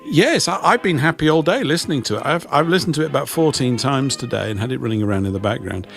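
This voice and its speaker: A man's voice: mid-range voice, expressive, fast talker, creaky, a bit bright. A man co-hosting a live show, chatting casually and mocking himself a little. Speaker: co-host. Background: faint music.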